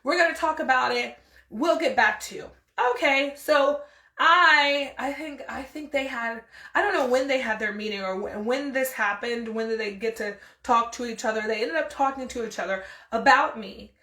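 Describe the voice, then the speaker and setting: A young woman hosts her podcast and tells a story in a lively, exasperated way, acting out what everyone said. Her voice sits high. The room around her is echoey. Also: moderate pace. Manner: animated, exasperated storytelling with quoted dialogue. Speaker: podcast host. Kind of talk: casual storytelling.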